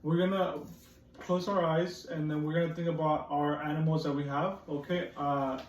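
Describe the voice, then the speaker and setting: Low-voiced woman teaching a classroom. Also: steady tone, normal speed, a little mellow. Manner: repeats words in drills, coaxing. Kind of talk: classroom phonics lesson. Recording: echoey classroom from far off, faint noise.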